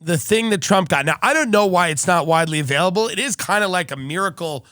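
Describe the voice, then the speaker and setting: A man's voice: high-pitched, expressive, fast talker, bright, forceful tone, no room sound, clean studio sound. A man hosting a comedic podcast, telling stories in a sarcastic, riffing way with frequent laughs. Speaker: podcast host.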